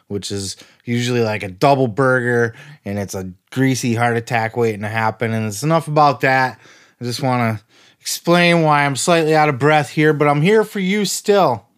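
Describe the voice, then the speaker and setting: A man hosting a wrestling podcast, talking in a crude, joking, rambling way and slightly out of breath. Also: mid-range voice. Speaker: podcast host. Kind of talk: casual wrestling podcast monologue.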